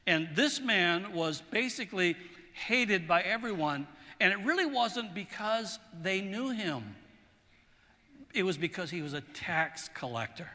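A man preaching a sermon in a large church hall, telling stories in a relaxed, chatty way and often repeating words. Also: high-pitched. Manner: conversational, storytelling, repeats words. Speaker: pastor. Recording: long hall reverb.

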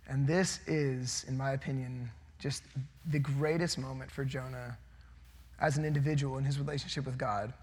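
A young man preaching a casual sermon, reading scripture and acting out the characters in an animated way. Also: a little high, normal speed, husky. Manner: animated, acts out the figures. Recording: long reverb of a hall.

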